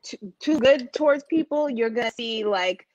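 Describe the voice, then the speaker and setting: A young adult woman co-hosting a casual podcast chat, talking in an animated, emphatic way with sudden rises in pitch. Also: normal speed, dry recording, dull audio. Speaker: podcast co-host.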